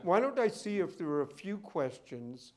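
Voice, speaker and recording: A man's voice: sits high, sing-song, moderate pace. A man who deals in and appraises rare books, telling rambling anecdotes at a library talk. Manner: rambling storyteller, goes off on tangents. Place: library event room.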